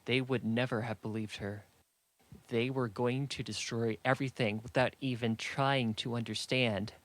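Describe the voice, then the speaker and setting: A man's voice: mid-range voice, no echo. Dry-voiced male audiobook narrator. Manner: steady, measured storytelling. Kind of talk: scripted fantasy narration.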